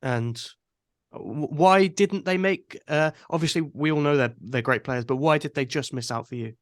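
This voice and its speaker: A man's voice: on the high side, normal speed, dry recording, studio quality. A man hosting a casual football podcast, talking easygoing and thinking aloud as he goes. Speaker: podcast host.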